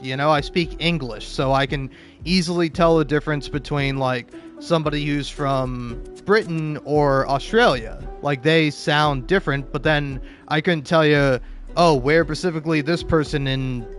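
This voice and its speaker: A man's voice: fairly high pitch, moderate pace, fairly bright tone, faint music behind. An American man from Florida with a general American accent, giving casual reaction commentary as a streamer and thinking aloud as he goes. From United States, born in Florida.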